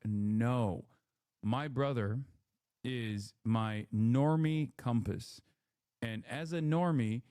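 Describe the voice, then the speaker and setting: A man's voice: mid-range voice, a little mellow, no room sound, clean studio sound. A man streaming live, ranting in a blunt, opinionated and profane way. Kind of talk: casual live commentary rant.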